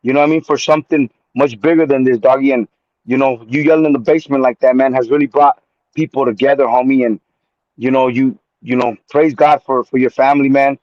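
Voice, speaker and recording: A man calling in to a live show, telling an excited story in slangy, animated chat and calling the host man and homie. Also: mid-range voice, brisk, no echo. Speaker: caller. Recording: muffled phone-line call.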